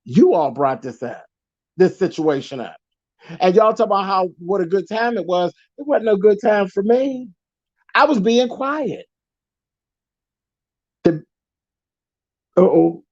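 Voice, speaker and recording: A man's voice: high-pitched, animated, unhurried, long pauses, a little mellow, dry recording, lo-fi sound. A man speaking as a guest on an online panel chat, blunt and emphatic, repeating points for force.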